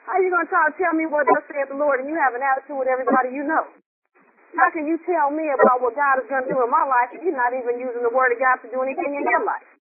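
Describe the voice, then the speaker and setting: High-voiced man preaching by phone. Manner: folksy, asks listeners directly, repeats himself. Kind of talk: conversational sermon over a phone line. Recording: tinny phone line, faint hiss.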